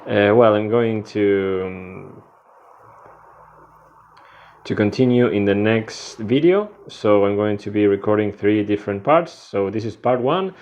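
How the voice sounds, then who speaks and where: A man, a radio host talking about himself in a casual vlog, halting and restarting as he searches for words. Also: fairly low pitch, a little mellow, muffled recording. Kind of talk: casual self-introduction vlog.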